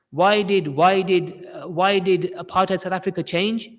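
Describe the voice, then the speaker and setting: A man's voice: high-pitched, fairly even intonation, moderate pace, hardly any pauses, in a large hall. A man delivering a Friday sermon with passion, often repeating his phrases for emphasis. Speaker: preacher giving a Friday sermon.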